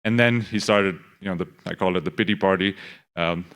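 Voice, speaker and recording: A man's voice: sits low, fairly quick, a bit bright, smooth. A man giving a live conference talk, telling a real case in a casual storytelling way with quoted asides. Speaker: conference presenter. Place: conference stage.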